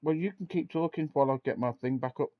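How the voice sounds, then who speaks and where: A casual male podcast host with a fairly high voice talks at a quick pace, laughing easily, swearing now and then, and reading aloud from a web page. It's a lo-fi home recording with no echo, just relaxed chat.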